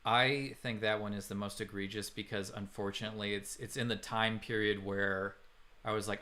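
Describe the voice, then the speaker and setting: A man's voice: fairly low pitch, little pitch movement, normal speed, sharp tone. A man hosting a podcast, chatting casually and ranting sarcastically with some swearing. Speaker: podcast host. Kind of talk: casual chat.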